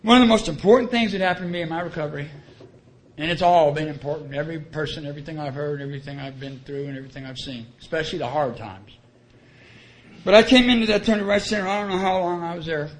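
A man's voice: fairly high pitch, quick pace, slight background noise. A man sharing his personal story at a recovery meeting, earnest and colloquial, often repeating his key phrases. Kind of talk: plain-spoken personal testimony.

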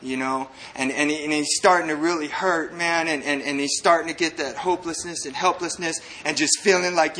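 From El Paso, Texas, in the United States, a recovering addict shares his personal testimony with a group. His voice is on the high side with a sharp tone, and he speaks earnestly and ramblingly, repeating "and" and "man" constantly.

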